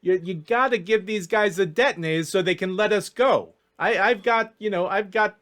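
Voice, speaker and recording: A man voicing a smarmy, fast-talking male elf who wheedles and pleads nervously. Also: high voice, a bit bright, voice pushed up. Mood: pleading.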